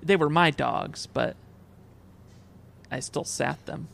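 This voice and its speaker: A man co-hosting a podcast rambles through crude, joking stories in loose banter. His voice sits a bit high for a man and carries a gravelly fry. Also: slow pace, fairly bright tone. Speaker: podcast co-host. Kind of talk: casual banter.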